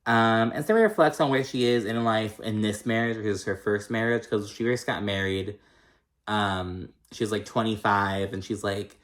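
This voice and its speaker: A man's voice: fairly low pitch, moderate pace, fairly bright tone. Guy recapping a reality show, chatty, swears a lot, throws shade, lots of ums. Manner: chatty, profane, shady, full of fillers. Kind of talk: casual episode recap.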